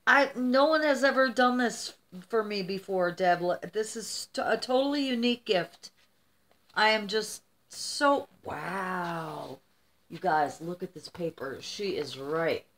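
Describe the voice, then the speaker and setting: A woman's voice: medium pitch, a little slow, a bit bright. A middle-aged woman from the United States, chatting casually to camera while opening gifts, emotional and rambling.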